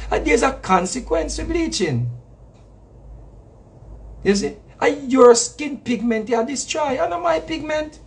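A Jamaican-accented reggae artist talks in a very high, sing-song voice, slowly and with long pauses. His casual monologue is preachy and emphatic, repeating itself and dropping slang asides.

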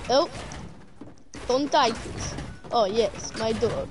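A woman's voice: fairly high pitch, takes it slowly, pauses often, soft background music. A woman streaming a game, chatting playfully and teasing her friends in a sing-song way. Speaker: gaming streamer. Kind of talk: casual gameplay chatter. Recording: noisy game stream audio.

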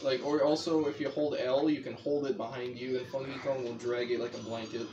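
A man's voice: mid-range voice, steady tone, fairly quick, a little mellow, dull audio. A young man casually explaining a racing video game as he plays, rambling and correcting himself as he goes. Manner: rambling, chatty, self-correcting. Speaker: gameplay commentator. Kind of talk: casual gameplay tutorial. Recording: music playing behind. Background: game music.

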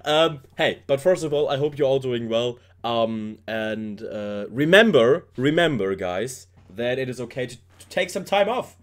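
This is a man riffing through a reaction video in a loose, rambling way. He jokes and speaks directly to his viewers. His pitch sits mid-range but rises and falls a great deal. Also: lively intonation, a little slow, few pauses, slight background noise. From Germany. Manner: playful, rambling, joking, talks straight to viewers. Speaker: K-pop reaction YouTuber. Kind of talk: casual reaction commentary.

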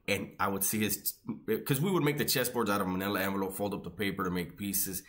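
A man's voice: sits low, a little fast, fairly bright tone. A man, telling casual, joking, profane stories. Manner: profane, laid-back, joking. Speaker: storyteller recalling his prison years. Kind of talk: casual storytelling.

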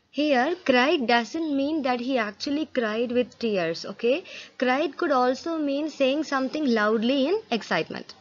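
A woman's voice: high voice, measured pace, muffled recording. A woman teaching an English reading lesson, encouraging pupils to repeat words after her. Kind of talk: slow classroom reading lesson.

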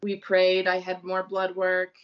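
A woman from Illinois, a mother and podcast guest, telling a personal story slowly and haltingly with many ums. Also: lowish voice, completely flat delivery, highs cut off.

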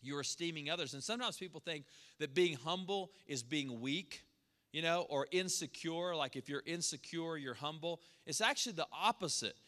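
A man delivers a sermon in a high, bright voice. He talks with animation and slips into the voices of the people he quotes. The sound carries a long reverb from the church hall. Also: lively intonation, moderate pace. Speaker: pastor. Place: church sanctuary.

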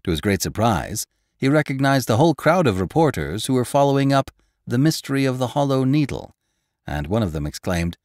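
A man's voice: a little fast, no room sound, clean studio sound. A man narrating an audiobook as the podcast's host, acting out the characters' lines. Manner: expressive, voices characters with raised pitch.

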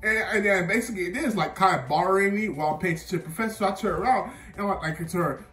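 Young male vlogger with a high voice, rambling and self-mocking, recorded in an echoey room away from the mic with faint music. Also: rapid-fire, hardly any pauses, fairly bright tone. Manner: rambling, filler-heavy, laughing at himself. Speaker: vlogger telling a personal story. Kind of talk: casual storytime monologue. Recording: roomy sound, mic at a distance, faint music.

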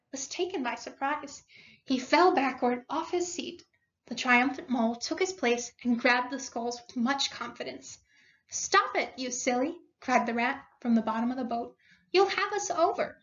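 High-voiced teacher reading aloud. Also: female voice. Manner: explaining, asks the class questions. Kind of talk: reading a story aloud to a class. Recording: dull lo-fi recording.

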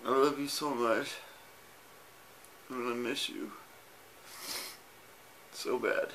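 Slowly and in a steady tone, a man with a mid-range, fairly bright voice says goodbye to his wife in a self-recorded video. He's tearful and tender, rambling with fillers and swear words, and there's slight background noise.

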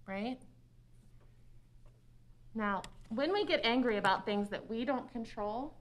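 A woman leading a children's sermon in a church, speaking in an animated, sing-song way to young children and closing with a prayer. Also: mid-range voice. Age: adult. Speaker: children's minister. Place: church sanctuary. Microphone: wearing a face mask.

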